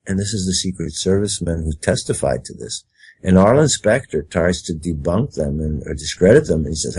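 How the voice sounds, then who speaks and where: An older man with a low, dark and husky voice talks at length as an interview guest. He rambles emphatically, piling up details and acting out quoted lines. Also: lively intonation, moderate pace. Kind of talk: conspiracy talk interview.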